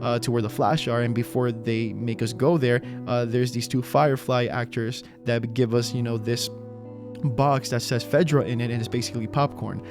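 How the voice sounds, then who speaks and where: A man recounting an event in a casual vlog, excited and rambling, with lots of "you know" and "uh". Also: mid-range voice, moderate pace, music in the background. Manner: acts out quotes, whispers an actor's lines. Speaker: video creator recounting an event.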